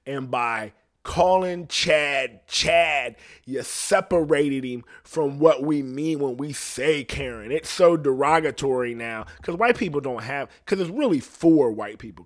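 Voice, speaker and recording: Profane man ranting casually. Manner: profane, rambling, laughs often; drops to a low mutter at times. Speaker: podcast host. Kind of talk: casual comedic rant.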